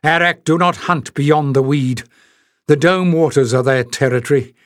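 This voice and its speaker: A man reading a storybook, voicing a frightened young woman who keeps a history, in urgent high-pitched outbursts. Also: normal speed, dry recording, studio quality, close to an everyday voice. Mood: calm.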